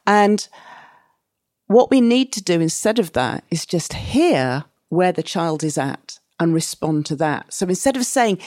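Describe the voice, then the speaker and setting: A woman psychotherapist explaining parenting ideas in a relaxed interview, with an animated way of talking. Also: lowish voice, normal speed, dry recording, studio quality. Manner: animated, acts out children's and parents' voices in quotes. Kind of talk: conversational podcast interview.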